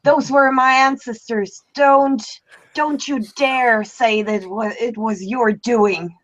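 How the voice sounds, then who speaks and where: A woman's voice: a little high, steady tone, slow pace, fairly bright tone, highs cut off. A woman voicing a stern young female samurai who answers in a curt, cold rebuke. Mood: scornful.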